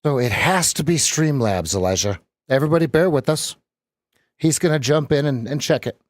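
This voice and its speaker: A man's voice: on the high side, normal speed, no echo. A man coaching viewers through live trades on a stream, loose and joking, talking straight to his chat on a close mic. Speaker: trading coach. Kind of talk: live-stream trading commentary.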